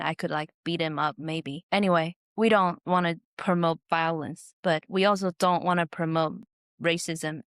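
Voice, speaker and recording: Animated woman comedian, swearing freely. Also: on the low side, no room sound, studio quality. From United States. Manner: animated, swears freely, acts out quotes in raised voice. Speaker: podcast host and comedian. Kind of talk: casual storytelling monologue.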